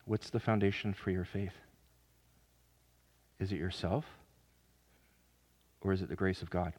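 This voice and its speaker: A man preaching a sermon as pastor, earnest, with sudden loud emphatic rises. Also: sits low, steady tone, unhurried.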